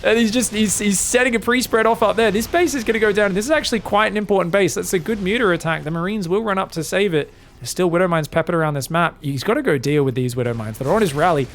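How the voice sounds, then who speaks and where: A man casting an esports match solo, excitable and jokey, with casual swearing. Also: high-pitched, fast, hardly any pauses, a little hiss or hum. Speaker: esports commentator. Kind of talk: solo game commentary.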